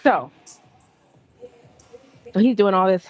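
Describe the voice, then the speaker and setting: A woman livestreaming a story in a casual, indignant rant, jumping into little acted-out quotes. Her voice sits at an ordinary middle pitch, close and dry, with faint music far behind her. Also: slow, dry recording. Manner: indignant, animated, acts out quotes.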